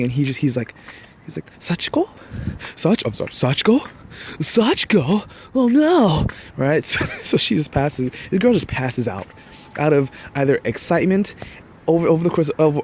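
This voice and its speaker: A man's voice: medium pitch, darkish tone. Brief: man, casual vlog anecdote, meandering delivery with many restarts, mid-range voice, faint street traffic behind. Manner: rambling, restarts often, laughs at his own story. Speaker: vlogger. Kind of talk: casual storytelling.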